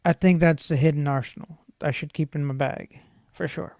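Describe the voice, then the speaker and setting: A man's voice: on the high side, steady tone, normal speed, vocal fry, a little mellow, no echo, studio quality. Playful man rambling about microphones. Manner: playful, jokey, talks to himself and laughs often. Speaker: vlogger. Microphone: close studio microphone.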